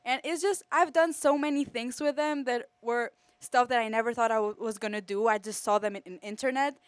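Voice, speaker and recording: Heartfelt young woman with a smooth voice. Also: a little high, fairly quick, no room sound. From Kosovo. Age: teens to early 20s. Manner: heartfelt, many fillers. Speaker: exchange student. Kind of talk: emotional thank-you speech. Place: school TV studio.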